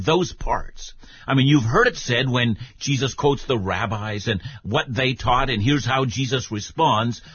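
A man giving a Bible teaching for radio, explaining in a measured way and speaking directly to his listener. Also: medium pitch, fairly bright tone, slightly rough, dry recording, muffled recording.

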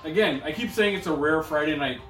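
A man's voice: on the high side, brisk, fairly bright tone, faint music behind. A man co-hosting a podcast in rambling casual banter, swearing often and restarting his sentences. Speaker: podcast co-host. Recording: roomy sound.

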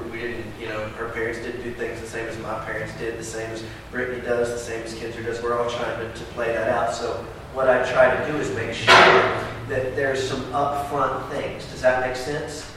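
A pastor preaching a sermon, swinging from loud emphatic outbursts to quiet, earnest talk. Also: male voice, mid-range voice. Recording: echoey hall from far off with background noise.

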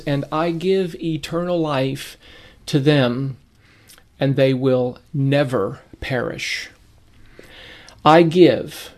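A man teaching a Bible lesson from his notes, explaining Greek words and repeating key phrases for emphasis. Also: fairly high pitch. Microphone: reading from notes.

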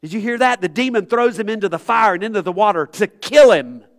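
A male pastor delivering an impassioned sermon. His voice sits a touch high for a man, and he moves from loud, urgent stretches down to hushed near-whispers. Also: lively intonation, a little fast. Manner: impassioned, swings from loud pleading to hushed tones.

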